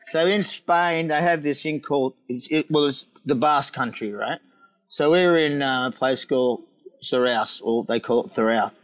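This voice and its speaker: A middle-aged man with an ordinary-pitched voice recounts a boozy surfing tale. He laughs often and slips into quoted voices as he goes, in a loose, casual storytelling way. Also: moderate pace, rough recording. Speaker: guest, former pro surfer. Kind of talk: casual anecdote telling.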